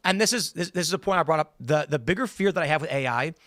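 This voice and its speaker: A man's voice: on the high side, fast talker, a bit bright, dry recording. A male podcast host in a casual panel discussion, telling rambling stories and acting out quotes in different voices. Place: studio.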